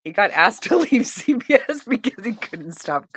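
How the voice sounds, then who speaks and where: Woman, middle-aged, live-stream host, casual chat, laughs a lot, exclaims in disbelief, bright forceful tone, dry close sound. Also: medium pitch, sing-song, normal speed, hardly any pauses, dry recording.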